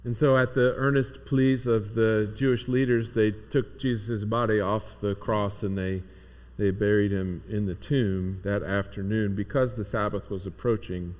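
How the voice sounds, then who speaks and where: Male pastor, unhurried and low-pitched, earnest reflective sermon delivery. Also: fairly even intonation, a little mellow.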